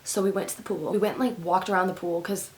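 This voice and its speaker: Young woman, from Texas, casual vlog storytelling, lots of "like" fillers, mid-pitched voice. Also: fairly even intonation, fast talker. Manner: chatty, heavy use of "like" fillers. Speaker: vlogger.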